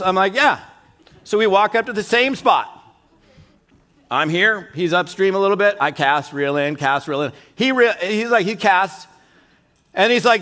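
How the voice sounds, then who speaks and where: A middle-aged man giving a motivational keynote, telling folksy stories in an animated way and acting out the people he quotes. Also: sits high, normal speed, pauses often. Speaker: keynote speaker. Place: conference stage.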